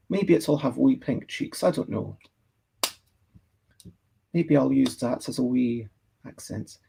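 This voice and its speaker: A man's voice: on the high side, gravelly, mellow, breathy edge. A Scottish man drawing on a livestream, chatting casually and thinking aloud as he reads and answers comments from the chat. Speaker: livestreaming artist.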